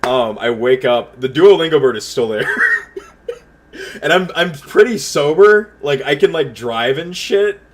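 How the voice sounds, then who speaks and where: A man's voice: a little high, expressive, a little slow. A young man livestreaming from home, telling a rambling story to his chat with stuttered restarts and lots of swearing. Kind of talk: casual storytelling while chatting with viewers.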